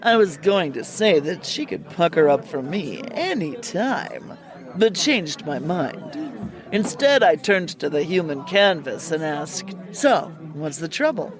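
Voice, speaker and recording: A woman narrating a hardboiled comic mystery story in a wry, deadpan, theatrical way. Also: low voice, a little slow, crowd noise.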